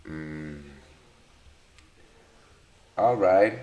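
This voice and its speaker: A man hosts a live trading session at an unhurried, slow pace. His voice sits a little low. He greets viewers one by one and talks casually, with plenty of fillers and restarts. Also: narrow, tinny audio. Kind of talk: live trading webinar chat.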